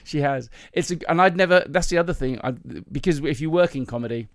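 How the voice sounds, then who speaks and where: A man's voice: on the high side, quick pace, dry recording, studio quality. A man hosting a podcast, chatting casually and telling jokes, rambling and laughing often. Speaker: podcast host. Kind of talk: casual chat, joke telling.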